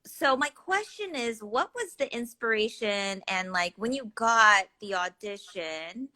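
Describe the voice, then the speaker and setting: A woman's voice: medium pitch, expressive, unhurried, sharp tone, rough recording. A woman, a voice actor, chatting casually and asking questions on a video call, searching for words as she talks. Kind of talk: casual chat.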